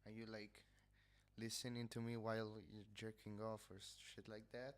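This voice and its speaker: A man's voice: on the low side, little pitch movement, normal speed. A man from Italy speaking English with an Italian accent, chatting casually on a livestream, nasal-sounding and hesitant, often stopping to search for words. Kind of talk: casual chat. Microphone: headset.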